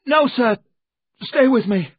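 A man's voice: fairly high pitch, lively intonation, measured pace, slightly rough, dry recording, voice pushed up. A man voicing a timid, frightened little old man who speaks nervously and with strain. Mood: panicked. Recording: narrow phone-like audio.

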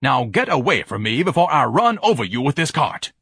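A man's voice: medium pitch, big pitch swings, brisk, fairly bright tone, husky, no echo, clean studio sound, pitched above the performer's own voice, heavily acted. A man voicing a pompous, fussy grown man who speaks in lofty, formal phrases. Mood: shrieking. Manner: haughty, lofty, fussy diction, shrieks when upset.

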